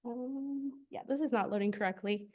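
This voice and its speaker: Young female graduate student, fairly high pitch, careful explanatory delivery for a research presentation. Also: darkish tone, highs cut off. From United States. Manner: explanatory, with frequent filler pauses.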